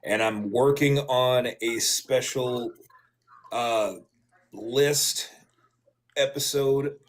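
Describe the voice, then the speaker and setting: A man on a wrestling talk panel, promoting his channel in an easygoing, joking way. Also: medium pitch. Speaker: panelist and YouTuber. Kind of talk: casual panel chat.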